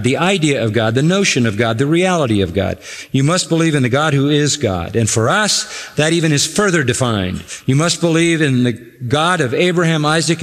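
A man preaching a sermon, emphatic, repeating key phrases with slow, deliberate stress. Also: mid-range voice, fairly bright tone. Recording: long hall reverb.

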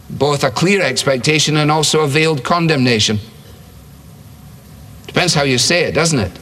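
In a hall with long, large-space reverb, a man delivers a sermon conversationally, posing rhetorical questions to his listeners. His voice is medium-pitched and fairly bright.

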